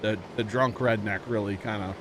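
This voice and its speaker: A man's voice: fairly low pitch, moderate pace. Rambling streamer man with background noise. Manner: rambling, animated storytelling with many fillers. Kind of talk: casual chat while streaming a game.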